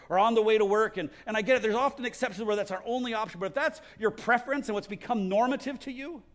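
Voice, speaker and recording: A man preaching a sermon as a pastor, earnest and exhorting, often repeating words as he goes, and leading a closing prayer. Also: high voice. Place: church service.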